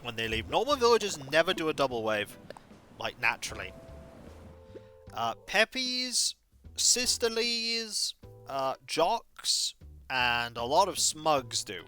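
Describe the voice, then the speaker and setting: A man's voice: fairly high pitch, sing-song, slow, bright, forceful tone. A man chatting wryly to his viewers while playing a game on a live stream. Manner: chatty, wry, talks to chat while playing. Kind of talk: casual live-stream commentary. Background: faint game music.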